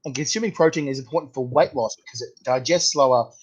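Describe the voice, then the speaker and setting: On muffled lo-fi audio, an Australian man with a medium-pitched voice talks fast as he hosts a laid-back, chatty conversation. "Mate" comes up often, and he keeps restarting his sentences.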